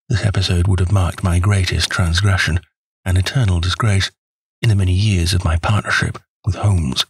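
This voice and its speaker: A man narrating an audiobook in the first person, measured and wry. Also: low voice, breathy edge, no echo.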